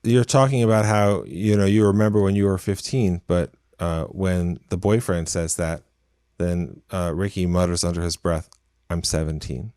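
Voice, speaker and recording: A man co-hosting a podcast, talking bluntly about a film with lots of quick restarts. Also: low-pitched, steady tone, a little mellow, clear, resonant tone, dry recording, clean studio sound. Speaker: podcast co-host. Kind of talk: casual film review chat.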